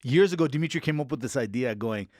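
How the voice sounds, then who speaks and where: A man co-hosting a sports podcast, telling stories in an excitable, teasing way. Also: mid-range voice, fast, no echo, studio quality. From Canada. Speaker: podcast co-host. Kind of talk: casual sports banter.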